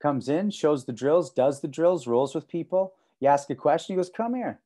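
Mellow-voiced man telling animated stories. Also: moderate pace. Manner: animated storyteller who acts out quotes with sudden loud high bursts. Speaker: podcast co-host. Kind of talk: casual conversation on a video call. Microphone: video call.

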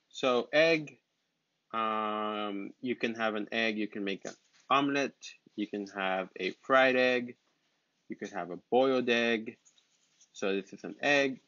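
A man teaching basic English vocabulary, speaking slowly with simple words and repeating each word patiently. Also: lowish voice, pushed and bright, dry recording. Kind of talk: slow, simple vocabulary lesson. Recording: dull, lo-fi sound.

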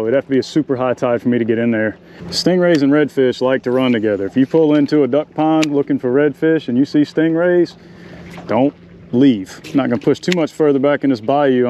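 A man, chatting excitedly to the camera while fishing in a marsh from a small boat. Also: mid-range voice, slight background noise. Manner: excitable, talks to the animals and the viewers. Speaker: fishing vlogger. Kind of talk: casual running commentary while fishing. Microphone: action camera mic.

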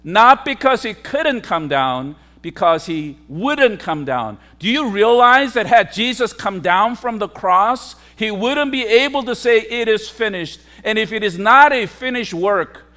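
A man, a pastor, preaching a sermon with emphatic, repetitive phrasing and sharp swings between loud declarations and hushed asides. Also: high voice, expressive, unhurried, hardly any pauses.

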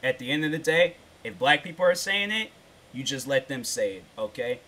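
A man's voice: medium pitch, very animated, moderate pace, sharp tone. A man ranting casually as a YouTuber, rambling with lots of "like" and restarts, and turning insistent when he makes a point. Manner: rambling, slangy, full of "like" and restarts. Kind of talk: casual rant.

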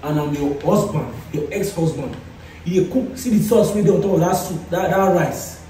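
A Nigerian man with a loud, quarrelsome manner, arguing in a comedy skit. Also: fairly high pitch, moderate pace, a little hiss or hum. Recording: echoey room, far from mic.

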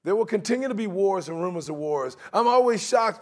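Animated man preaching a sermon. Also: high-pitched, normal speed, hardly any pauses, husky. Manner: animated, conversational preaching with acted-out quotes and laughter.

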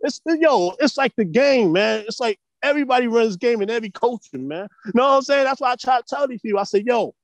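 A man from the US East Coast, a martial arts teacher talking casually in an interview, animated and profane, full of street slang and "you know what I'm saying.". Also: very high voice, quick pace, few pauses, no echo.

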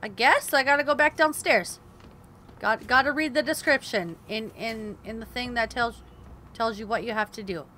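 A woman's voice: fairly high pitch, moderate pace, bright, forceful tone, slight background noise. A young woman commenting on her gameplay, swearing in frustration and talking to herself and her viewers. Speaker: gaming video host.

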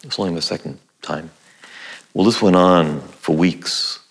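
A man's voice: deep voice, a little slow, slightly rough. A middle-aged man, an acting teacher, telling a personal story in a conversational way and acting out his own past lines. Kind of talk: personal anecdote told to camera.

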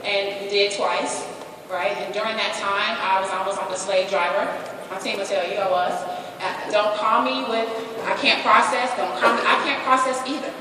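A woman's voice: mid-range voice, steady tone, moderate pace, a crowd in the background. A woman giving a candid, joking motivational talk to a live audience at a business event. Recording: echoey hall, distant mic, background noise.

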